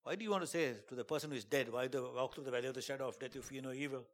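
A man preaching a sermon and telling a dramatic testimony, dropping to a hush and then rising to shouts. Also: medium pitch, racing. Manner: dramatic storytelling, swings from hushed to shouting; preaching with emphatic call-outs.

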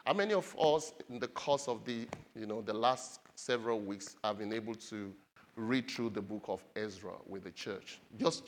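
A male preacher speaking to his congregation in a church. He reads scripture slowly and with emphasis, pressing hard on the key words. He then moves into fervent, earnest prayer. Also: fairly low pitch, a little hiss or hum. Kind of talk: sermon with scripture reading and prayer.

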